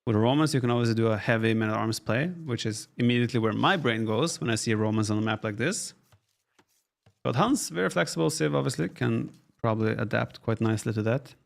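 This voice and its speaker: A man doing casual live-stream commentary on an esports match from his home office, relaxed and thinking aloud while reading out chat questions. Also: medium pitch, brisk, gravelly.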